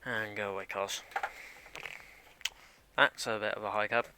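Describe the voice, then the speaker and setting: A man's voice: fairly low pitch, flat delivery, a little slow, bright, forceful tone, a little hiss or hum. A young man chatting casually and rambling as he streams a game, grumbling at it along the way. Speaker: live streamer.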